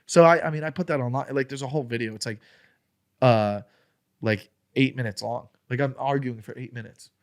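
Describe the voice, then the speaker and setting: On a podcast as a guest, a male comedian with a mid-range voice tells his story briskly. He's animated and profane, acting out an argument along the way.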